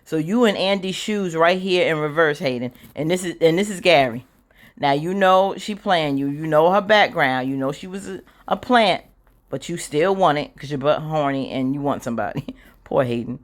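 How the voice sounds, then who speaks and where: A woman's voice: low-pitched, moderate pace. A woman giving a casual, opinionated recap of a TV drama, chatting freely and acting out bits of scenes as she goes.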